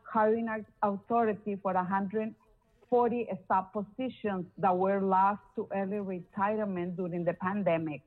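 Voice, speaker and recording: A woman giving an earnest, slightly halting public comment over the phone. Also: medium pitch, fairly even intonation. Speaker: public caller. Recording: phone line.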